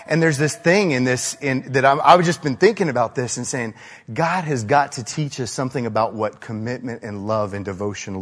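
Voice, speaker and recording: A man preaching a sermon in a large church hall, his voice trailing off in a long reverb. He talks casually and tells stories, asking the listeners questions as he goes. His pitch sits in the middle range for a man. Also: fairly bright tone. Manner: conversational, storytelling, with frequent rhetorical questions. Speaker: pastor.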